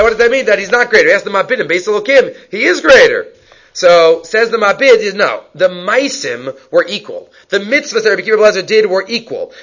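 A man's voice: high voice, fairly bright tone. A man teaching a Talmud class, reading Aramaic lines and explaining them in English, asking and answering his own questions. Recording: dull lo-fi recording.

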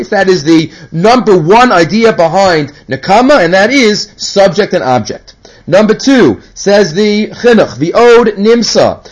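A man's voice: sits high, low-quality recording. A man giving a casual Torah class, mixing Hebrew quotes into conversational English. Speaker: Torah teacher.

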